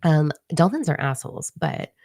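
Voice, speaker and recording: A middle-aged woman with a low, gravelly, dark voice tells a story to her viewers in a blunt, profane way. She is animated and acts out the people in it. The sound is dry and close. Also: normal speed, dry recording. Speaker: spiritual video creator. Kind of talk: casual storytelling monologue.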